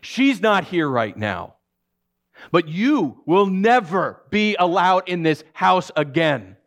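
A man voicing a huge, protective stepfather who speaks firmly and forcefully. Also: sits high, very animated, slow, pitched above the performer's own voice, heavily acted. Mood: stern. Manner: firm and forceful.

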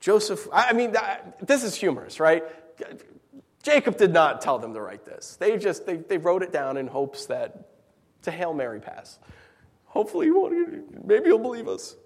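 A man with a high, very lively voice preaches to his congregation, swinging between big jokey asides and rhetorical questions. His sermon rings out through a big sanctuary with a long echo tail. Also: moderate pace, creaky. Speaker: pastor.

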